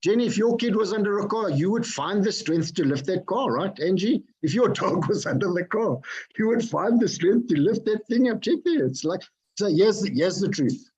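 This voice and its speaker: A husky, fairly high-voiced man delivers an energetic motivational talk over a video call. He keeps firing questions at his listeners and hammers home his phrases through repetition. The sound is dull and lo-fi. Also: normal speed. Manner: energetic, repeats phrases, asks the audience questions. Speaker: motivational speaker. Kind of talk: motivational talk to an online group.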